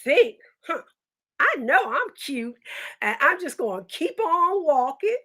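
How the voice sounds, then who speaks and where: A woman's voice: high voice, very animated, slow, sharp tone, voice pushed up, heavily acted. A woman voicing a vain young milkmaid who daydreams and boasts as a storyteller acts it out. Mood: boastful.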